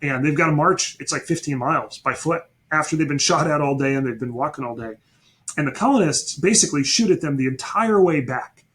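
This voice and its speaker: A man teaching a history class, telling events as a story with asides to his students and quick acted-out quotes. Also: fairly high pitch, fairly bright tone.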